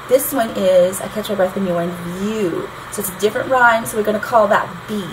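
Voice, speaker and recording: A woman's voice: mid-range voice, a little fast, hardly any pauses. A woman teaching songwriting in a chatty, explanatory way, tapping out rhythms aloud as she goes. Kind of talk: explanatory lesson. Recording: noticeable background noise.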